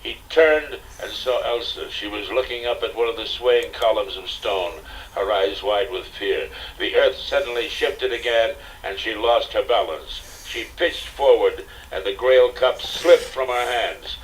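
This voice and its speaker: An older man narrating an audiobook in a steady, dramatic storytelling manner, on a distant, hissy cassette recording. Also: fairly low pitch, measured pace. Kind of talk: scripted narration.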